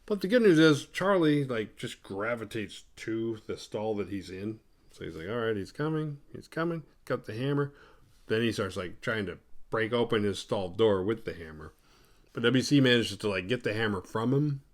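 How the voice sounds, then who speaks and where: A man's voice: lowish voice, expressive, normal speed. Profane rambling male podcast host. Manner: profane, rambling, acts out the characters. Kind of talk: casual movie recap.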